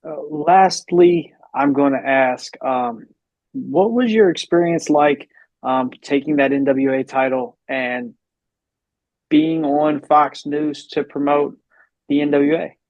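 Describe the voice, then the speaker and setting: A man's voice: on the high side, slow pace, darkish tone, dry recording, rough recording. A man hosting a podcast, asking interview questions in a hesitant way with many ums. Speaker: podcast host.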